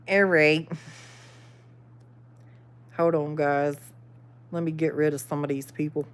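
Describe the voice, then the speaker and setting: A woman's voice: low-pitched, level tone, takes it slowly. A Southern woman chatting loosely with her viewers on a livestream. She is easygoing and self-deprecating, laughs a lot and drops plenty of y'all. She talks like she is among friends. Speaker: channel host reading live chat. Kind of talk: casual livestream chat.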